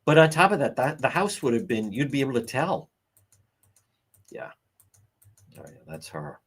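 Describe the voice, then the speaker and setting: A man's voice: moderate pace, breathy edge. A middle-aged man hosting a casual livestream, answering chat comments in a sarcastic, wry way and chuckling now and then. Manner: sarcastic, wry, chuckling, animated swings in pitch. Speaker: livestream host.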